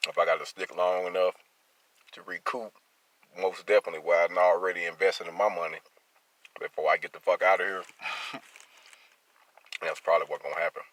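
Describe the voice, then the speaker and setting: A man's voice: deep voice, little pitch movement, brisk, pauses often, fairly bright tone. An angry man venting in a vlog, talking bluntly and profanely about his work as a traveling field welder. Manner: blunt, profane, heated street talk.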